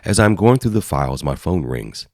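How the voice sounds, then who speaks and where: A man narrating an audiobook in the first person, in an even, measured storytelling manner. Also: low-pitched, dry recording. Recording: dry studio voice-over.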